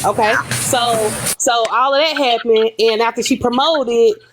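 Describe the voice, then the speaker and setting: Woman, higher voice, casual gossip storytelling, animated recap. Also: normal speed, music in the background. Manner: animated retelling of drama, slipping into quoted voices.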